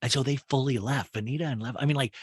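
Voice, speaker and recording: A man's voice: medium pitch, racing, breathy edge, no room sound, studio quality. A young man casually recapping a reality show, chatty and sarcastic, poking fun at the cast. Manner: chatty, sarcastic, mocks the cast with quoted asides.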